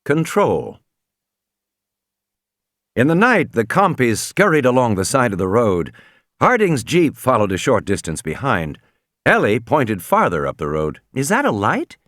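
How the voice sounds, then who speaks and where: A man reading a novel aloud as an audiobook narrator, dramatic and expressive. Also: mid-range voice, measured pace, pauses often, no room sound, clean studio sound. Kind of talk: scripted narration.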